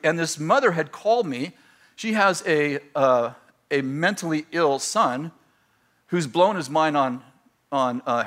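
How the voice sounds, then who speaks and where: High, bright-voiced male preacher telling stories. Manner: storytelling, animated retelling with voiced quotes. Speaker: pastor. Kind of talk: sermon.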